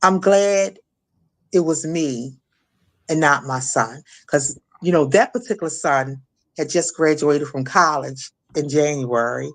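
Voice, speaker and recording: Halting middle-aged woman recounting trauma. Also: low-pitched. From Maryland, USA. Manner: halting, many restarts and fillers. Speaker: guest. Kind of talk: emotional personal testimony.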